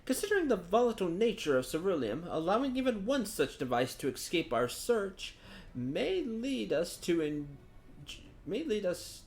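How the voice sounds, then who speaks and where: Dude reading as a calm dry adventurer guy, a bit higher than his usual voice. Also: moderate pace. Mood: measured. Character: calm male scholar-adventurer, measured and dry.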